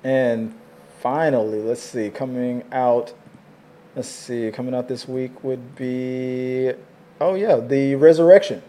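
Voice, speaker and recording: A man's voice: mid-range voice, slow, warm tone. A man hosting a casual entertainment news show, chatting about new releases and reading viewer comments aloud. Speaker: show host.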